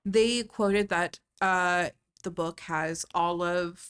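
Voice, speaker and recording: A woman's voice: lowish voice, steady tone, slow, clean tone. A woman co-hosting a podcast, recapping a film casually with fillers and restarts. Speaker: podcast co-host. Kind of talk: casual movie discussion.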